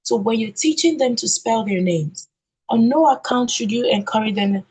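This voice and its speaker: A woman training teachers in phonics, modelling letter sounds slowly and deliberately and checking in with "okay?". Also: a little high, expressive, a little mellow, husky, poor audio. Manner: ends points with a questioning "okay?".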